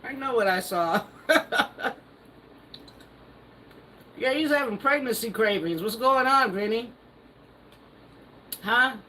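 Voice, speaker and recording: A woman's voice: a little high, animated, slow, long pauses, bright, forceful tone, slight background noise, low-quality recording. A woman hosting a live stream, casually reading viewer comments aloud and teasing them, laughing often. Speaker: livestream host.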